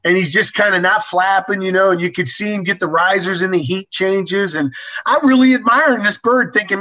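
An older man telling a casual anecdote in an animated, folksy way, chuckling as he goes. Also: high voice, fairly quick, poor audio. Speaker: storyteller.

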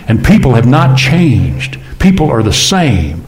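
A man's voice: sing-song, measured pace. A man preaching a sermon in church, talking casually and asking the congregation rhetorical questions. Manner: conversational, with rhetorical questions and sudden rises in pitch. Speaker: pastor.

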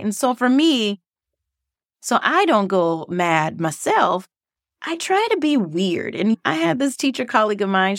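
A woman, a former teacher, hosting a casual reflective podcast monologue in a playful, animated way. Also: mid-range voice, no echo, clean studio sound. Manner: playful and animated, acting out voices.

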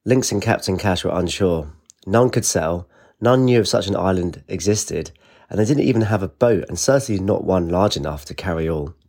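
A man with a lowish voice reads a fantasy audiobook aloud. His delivery is steady and measured, the voice of a storyteller. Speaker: narrator. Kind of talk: audiobook narration.

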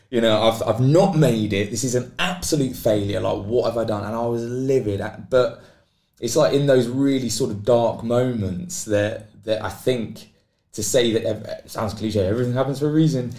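A podcast guest, a British athlete, narrates a long story in a mid-range voice at normal speed. He's animated throughout, taking on the voices of the people he quotes. There's a roomy echo on the recording.

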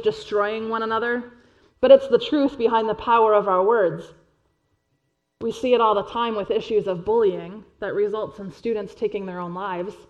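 A woman pastor preaching a sermon in an earnest, measured way, dropping quietly for emphasis. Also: medium pitch, lo-fi sound.

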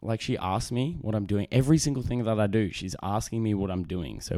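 A young man with an Australian accent runs a casual solo podcast, talking a little fast in a fairly low, dark voice. His delivery rambles and pokes fun at himself, broken by restarts and fillers. The on-camera desk microphone gives clean studio sound with no room sound.

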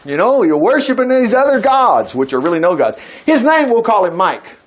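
Male preacher, fairly high voice, swooping pitch, folksy, chuckling storyteller. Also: very animated, normal speed. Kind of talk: sermon, retelling a Bible story.

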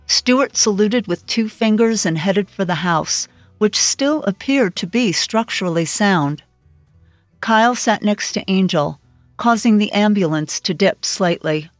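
A woman narrating a crime thriller audiobook in an even, steady storytelling manner. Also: medium pitch, unhurried, dry recording, soft background music. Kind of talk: scripted narration.

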